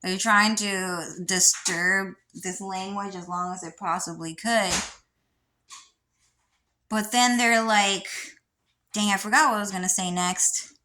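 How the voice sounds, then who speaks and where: A woman's voice: mid-range voice, steady tone, takes it slowly, background noise. A woman in a casual, rambling monologue, sarcastic and swearing freely.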